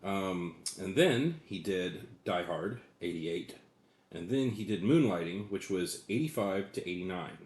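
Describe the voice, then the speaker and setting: Deep-voiced man in casual movie chat. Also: expressive, unhurried, darkish tone. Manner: loose and rambling, swears often. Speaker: co-host. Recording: echoey room.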